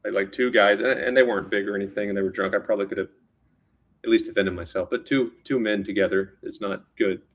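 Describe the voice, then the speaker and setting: A man tells a personal story casually in a low, gravelly voice with a husky, rough edge. He talks fast in a steady tone, rambling, restarting sentences and repeating words.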